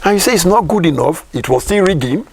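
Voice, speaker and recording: Emphatic Nigerian man, gravelly voice. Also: sits high, lively intonation, quick pace, slight background noise. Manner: emphatic, rhetorical questions, repeats key lines. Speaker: political commentator guest. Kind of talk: political interview.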